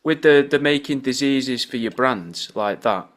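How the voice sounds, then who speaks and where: A man's voice: medium pitch, animated, a little slow, a bit bright. A man co-hosting a comedy podcast, musing on odd theories in a rambling, conspiratorial way. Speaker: podcast co-host. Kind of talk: casual comedy chat.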